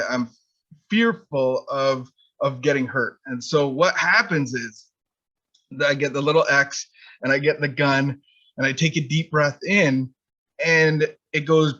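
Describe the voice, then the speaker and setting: A man's voice: medium pitch, bright, forceful tone, highs cut off. A man teaching on addiction recovery, telling rambling, self-deprecating personal anecdotes full of restarts. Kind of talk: personal storytelling talk.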